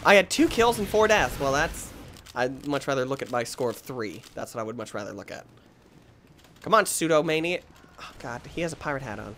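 A man hosting a gaming channel, giving excitable let's play commentary that swings into yelps and shouts when frustrated, often mocking himself. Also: mid-range voice, fairly quick.

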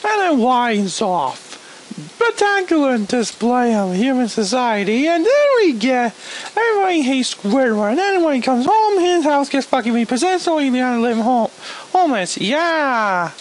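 A male reviewer tears into a cartoon episode with sarcastic, profane exasperation. His voice sits unusually high and swings wildly up and down. A faint hiss runs underneath. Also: sing-song, normal speed, low-quality recording. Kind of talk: ranting video review.

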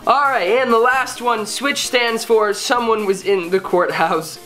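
A man's voice: high-pitched, measured pace, loud music behind the voice. A young man casually reading viewer comments aloud and joking about them in a playful, mock-dramatic way. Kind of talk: casual comedic vlog.

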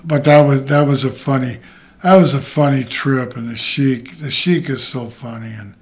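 A man's voice: medium pitch, fairly even intonation, normal speed. An older man, a retired wrestler, telling rambling and profane anecdotes in an interview. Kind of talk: shoot interview storytelling.

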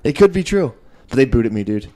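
A man's voice: mid-range voice, sing-song, fairly quick, dark tone. A young man co-hosting a podcast in casual comedic chat, telling stories with a lot of energy, slipping into voices for the people he quotes and laughing often. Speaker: podcast co-host.

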